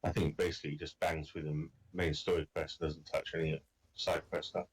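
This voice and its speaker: A man's voice: a bass voice, little pitch movement, brisk, husky. A man chatting and teasing a streamer friend during a game session. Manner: joking, teasing. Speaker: co-player on call. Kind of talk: casual gameplay chat. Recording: faint game music behind.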